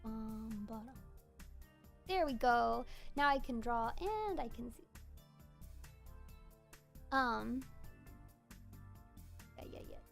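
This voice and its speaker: High-voiced giggly woman streamer. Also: animated, slow pace, creaky, pauses often, soft background music. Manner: chatty, giggly, lots of fillers. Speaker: streamer and virtual idol voice actor. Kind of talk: casual chat while drawing.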